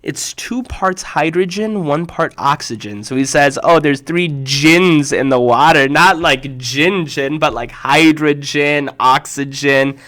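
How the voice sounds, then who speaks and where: An enthusiastic man hosts a children's program in a relaxed live chat, with a voice sitting a little high for a man. He exclaims often and slows down to repeat each punchline. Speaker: host of a kids' show. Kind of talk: casual live chat reacting to viewers' jokes.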